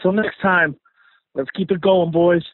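A man's voice: sits high, steady tone, unhurried, no room sound. A man calling in to a sports show, fired up and slangy, rambling through his thoughts. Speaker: caller. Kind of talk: excited call-in sports fan talk. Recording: tinny phone line.

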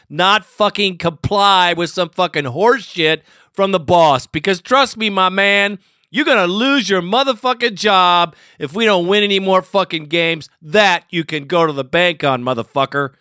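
Man, angry profane sports rant, high-pitched, sharp bright tone, dry close sound. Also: expressive, a little slow, dry recording. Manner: profane and furious, swearing constantly. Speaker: podcast host.

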